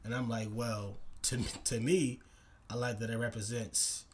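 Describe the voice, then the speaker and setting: A man's voice: mid-range voice, steady tone, a little slow, slight background noise. A young man casually telling a personal story to camera, rambling with many fillers, restarts and tag questions. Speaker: vlogger.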